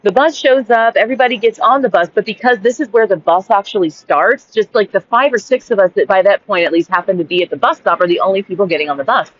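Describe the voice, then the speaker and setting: This vlogger speaks at a medium pitch, fast and with few pauses, first reading one of her old journal entries and then recounting what happened. Her telling is frank and exasperated, rambling with restarts, lots of "like"s, and free swearing, captured on slightly dull lo-fi audio.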